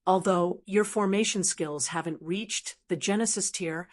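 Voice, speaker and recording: A woman's voice: lowish voice, measured pace, lightly acted. A woman voicing a scheming young male cultivator who coaxes and bargains. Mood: eager.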